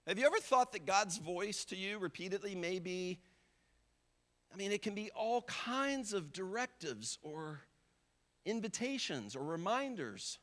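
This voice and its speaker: Male pastor with a high voice, conversational sermon that acts out people's inner thoughts. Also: lively intonation, a little slow, a bit bright. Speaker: visiting pastor.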